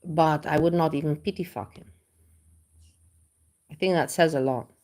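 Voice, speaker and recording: A woman's voice: deep voice, normal speed, a little mellow. Blunt woman hosting a casual livestream. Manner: blunt, crude, chatty, greets viewers by name. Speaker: livestream host reacting to videos.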